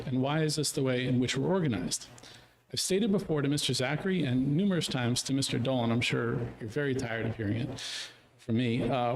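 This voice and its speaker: A man delivers a prepared public comment at a school board meeting, making pointed remarks. His pitch sits in an ordinary middle range. A faint hum runs behind him. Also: poor audio.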